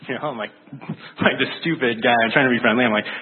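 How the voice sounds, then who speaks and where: A man's voice: mid-range voice, fast talker, husky. A male pastor preaching a casual sermon in a rambling, conversational way full of fillers. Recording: tinny phone-like sound.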